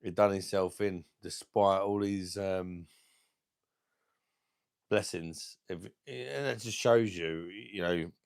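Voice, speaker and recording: A man's voice: sits low, slow pace, vocal fry, no echo, studio quality. A young man, hosting a casual beer channel live stream, swearing freely and talking to viewers. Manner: sweary, emotional, talks to chat viewers.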